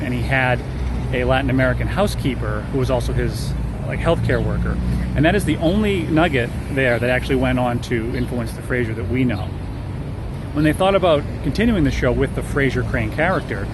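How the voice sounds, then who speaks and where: A man's voice: medium pitch, background noise. A man talking casually about a TV episode, thinking aloud with fillers and restarts. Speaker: TV show reviewer. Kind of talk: casual spoken commentary.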